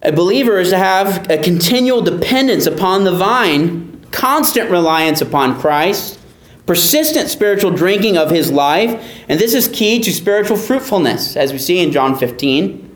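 A man delivers an expository sermon in an earnest, emphatic manner. His voice sits high for a man. He repeats key phrases for emphasis, and the sound carries a roomy echo. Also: expressive, normal speed. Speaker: pastor.

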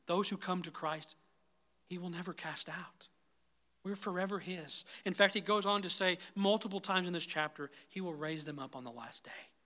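A man preaching a sermon as pastor, swinging between loud, rising intensity and soft, low pleading, often calling the congregation "guys". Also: normal speed. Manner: repeatedly addresses the congregation as "guys".

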